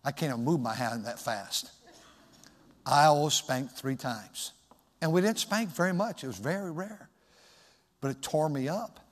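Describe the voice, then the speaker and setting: A middle-aged male pastor preaching a sermon in a personal, conversational way, pausing and restarting as he tells a story. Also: on the high side, lively intonation, long reverb tail.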